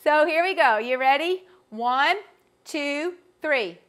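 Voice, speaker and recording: Brief: middle-aged Georgia woman, vocal coach, fairly high voice, chatty and folksy with her class. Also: animated, slow pace, fairly bright tone. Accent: Southern US, Georgia. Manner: chatty and folksy, addresses the group directly. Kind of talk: live teaching session.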